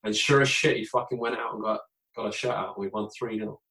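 A man's voice: lowish voice, fairly even intonation, quick pace, vocal fry, a bit bright, echoey room, poor audio. A man telling sports anecdotes in a casual, swearing, laid-back way. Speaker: former ice hockey player, podcast guest. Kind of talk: casual storytelling chat.

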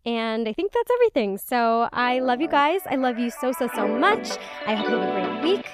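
A woman's voice: a little high, sing-song, moderate pace, music in the background. A woman in her twenties hosting a podcast, chatting casually and upbeat with lots of fillers. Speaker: podcast host. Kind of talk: casual solo podcast chat.

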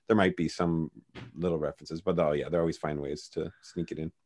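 A man's voice: extremely low pitch, steady tone, a little fast, a little mellow. A man co-hosting a podcast in casual chat, rambling with many restarts and fillers. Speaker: podcast co-host.

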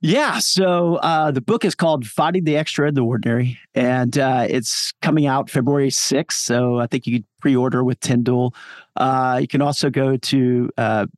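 A man's voice: medium pitch, normal speed, no echo, studio quality. A man speaking as a pastor guest on a podcast interview, talking in an earnest, encouraging, sermon-like way with frequent fillers.

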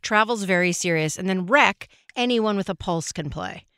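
A woman talking as a podcast guest in a studio, her voice bright and forward. She tells stories with lively energy in a loose, chatty style. The recording is dry and close. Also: mid-range voice, moderate pace, clean tone, dry recording. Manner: lively, animated storyteller. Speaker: guest, makeup artist. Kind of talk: casual studio chat.

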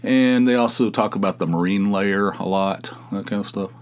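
A man's voice: fairly low pitch, moderate pace, clear, resonant tone. A man from the United States hosting his own podcast, talking in a rambling, meandering, self-deprecating way. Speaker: podcast host. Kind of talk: casual solo podcast monologue.

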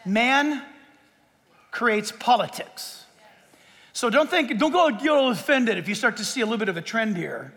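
Pastor guy preaching, really high bright voice, emphatic asides, big echoey hall. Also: expressive, normal speed, creaky. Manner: emphatic, quoting scripture with asides and laughs. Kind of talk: sermon.

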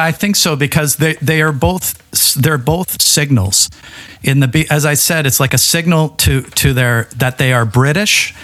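A man's voice: medium pitch, a bit bright. A man, a music historian guest, explaining recording history in an enthusiastic, knowledgeable way. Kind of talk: casual chat.

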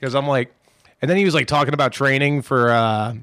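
A man co-hosting a podcast, telling a profane, animated story with quick impressions of others. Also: medium pitch, no room sound. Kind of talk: casual storytelling chat.

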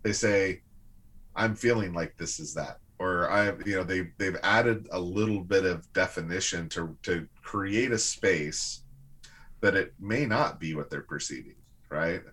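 A man in casual conversation, reflective and explanatory, with a husky voice. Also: low voice, fairly bright tone. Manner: reflective, explanatory, some restarts.

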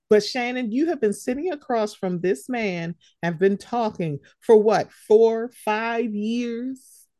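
Woman podcast host ranting bluntly about sports, kinda high voice, dry close mic. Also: slow pace, no room sound. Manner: blunt, profane and animated, often mimicking others. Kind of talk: casual sports commentary chat.

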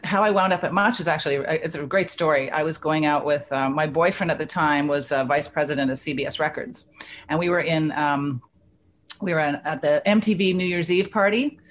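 A woman in her sixties from Canada, a guest telling lively stories and acting out the dialogue. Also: sits low, a little hiss or hum. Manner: animated storyteller who acts out quoted dialogue. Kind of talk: casual storytelling interview.

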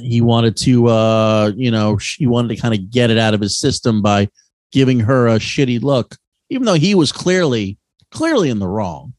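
A man co-hosting a loose podcast conversation. He rambles and restarts often, leaning on fillers as he gropes for his point. His voice sits at an ordinary pitch and is recorded dry and close to the mic. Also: lively intonation, normal speed, a little mellow, dry recording. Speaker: podcast co-host. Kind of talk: casual chat.

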